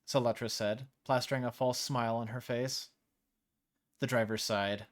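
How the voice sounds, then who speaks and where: A male host reading a story aloud on a live stream. His narration is casual and easygoing, and he chuckles when he stumbles over a character's voice. He speaks at a middle pitch. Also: steady tone, normal speed. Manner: casual, laughs off slips.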